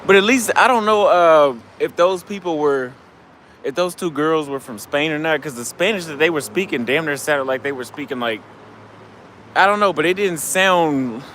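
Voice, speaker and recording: A man's voice: on the high side, moderate pace, fairly bright tone, slight background noise. A man vlogging outdoors on a city street at night into a handheld camera. He is a little tipsy and out of breath, and he rambles loosely and profanely, often trailing off mid-thought. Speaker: travel vlogger. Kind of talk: casual street vlog monologue.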